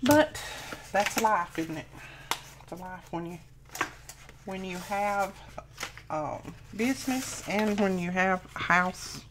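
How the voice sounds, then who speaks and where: A woman's voice: medium pitch, slow pace, pauses often, noisy background. A middle-aged woman hosting a crafting channel, chatting casually and rambling homey stories as she works.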